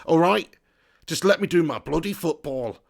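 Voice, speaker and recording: A man putting on the voice of a blunt, gruff older football manager, slow and clipped. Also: fairly high pitch, expressive. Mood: irritated.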